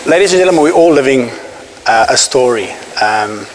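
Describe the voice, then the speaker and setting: A South African man in his forties tells a story from a conference stage, emphatic and pausing for effect. His mid-pitched voice rings with a long hall reverb, and a faint hiss sits under the recording. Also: animated. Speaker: keynote speaker. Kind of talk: inspirational keynote speech. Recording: hissy hall recording, echoing.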